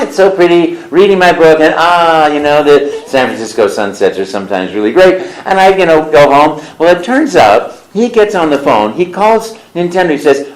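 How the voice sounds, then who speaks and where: A man being interviewed as a voice actor, telling stories in an animated way and slipping into character voices. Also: on the high side, moderate pace, hardly any pauses, roomy sound, rough recording. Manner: lively storyteller who slips into character voices. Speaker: voice actor guest. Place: convention interview room.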